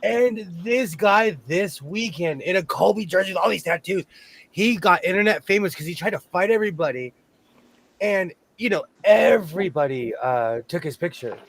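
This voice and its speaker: Animated storytelling man, fairly high voice. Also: moderate pace. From American South. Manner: animated storyteller, laughs often. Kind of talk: casual chat.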